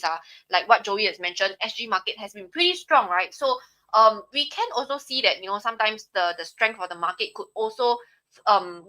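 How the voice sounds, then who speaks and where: Young singaporean lady explaining stock charts live, bright voice, keeps saying right?. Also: medium pitch. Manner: explanatory, frequent "right?" tags. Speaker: trading analyst on a live stream.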